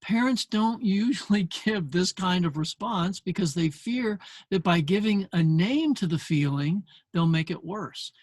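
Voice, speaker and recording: A man's voice: high-pitched, animated, measured pace, few pauses, darkish tone, no room sound. An older man hosting a parenting show, explaining a book in an earnest talk with many fillers. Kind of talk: casual talk to camera.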